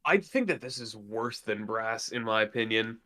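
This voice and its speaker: A man with a fairly low voice co-hosting a live card-game stream. He speaks casually and bluntly, tossing in plenty of "like" as he gives his opinions. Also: animated, pushed and bright. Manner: quick, blunt opinions with filler "like". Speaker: co-host on a livestream.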